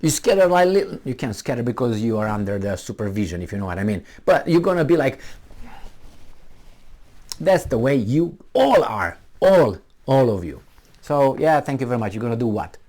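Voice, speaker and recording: A man's voice: mid-range voice, sing-song, a little fast, darkish tone. A man giving a sarcastic, mocking monologue commentary, talking directly to the listener. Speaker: political commentator.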